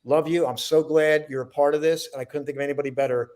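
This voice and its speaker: Male host, effusive and halting, slightly high voice. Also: steady tone, a little mellow. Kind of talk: introducing guests on a video call.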